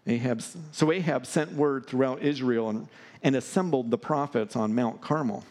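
Animated, joking preacher man. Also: medium pitch. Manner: animated and humorous, acting out the scripture with mocking voices. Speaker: pastor. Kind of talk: sermon.

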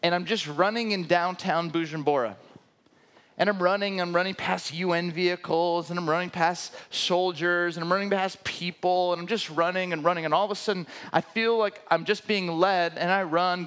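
Man, high-pitched, animated storyteller, laughs often. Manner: lively, laughs often while telling. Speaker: speaker telling a personal story.

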